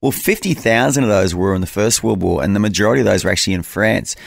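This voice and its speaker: A man's voice: on the low side, quick pace, vocal fry, no room sound. An easygoing, jokey Australian man co-hosting a breakfast radio show. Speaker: radio co-host.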